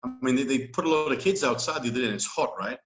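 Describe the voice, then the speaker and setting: A man's voice: medium pitch, racing, a bit bright, poor audio. A man speaking as an interview guest. He talks in casual chat, rambling and emphatic, with many fillers and restarts.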